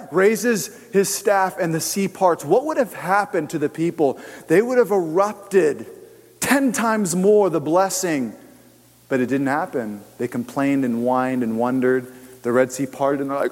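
Animated preacher in a reverberant hall. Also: male voice, sits high, normal speed. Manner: animated, acts out voices of people in his stories. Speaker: pastor. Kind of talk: sermon.

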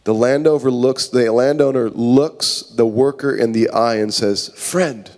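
Animated preacher in a reverberant hall. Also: male voice, mid-range voice, unhurried. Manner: animated storytelling, acting out characters' voices. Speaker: pastor. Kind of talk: sermon.

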